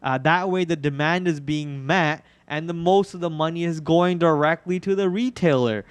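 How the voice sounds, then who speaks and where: A hoarse man hosting a live trading stream, talking through stock charts in a rambling way with many restarts, on a podcast microphone. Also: on the high side, normal speed, no room sound. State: hoarse, itchy throat. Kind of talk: live market commentary.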